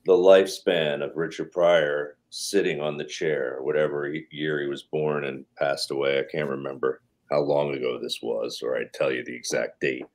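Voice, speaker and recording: A man, a comedian, casually telling a backstage story on a podcast, animated and profane, acting out quotes. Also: rumbling low, normal speed, few pauses. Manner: animated anecdote telling with swearing and acted quotes. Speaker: comedian guest.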